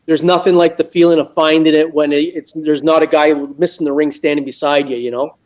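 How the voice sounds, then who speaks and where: A Canadian man who detects metal as a hobby, telling a funny story in a casual live chat and acting out his own yelling. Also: a little high, steady tone, a little fast, muffled recording.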